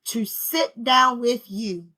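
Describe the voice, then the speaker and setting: A woman speaks in a bright, forceful voice pitched a little high. She gives a casual spiritual talk, stressing her points through emphatic repetition and slangy, conversational phrasing. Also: fairly even intonation, slow pace. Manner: emphatic, repetitive, preacher-like rhythm. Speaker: spiritual healing vlogger.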